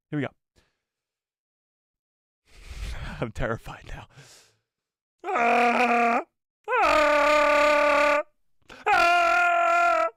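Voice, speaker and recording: Man, live-stream host, playful, self-mocking, slightly high voice, dry close mic. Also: dry recording. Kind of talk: casual live-stream chat.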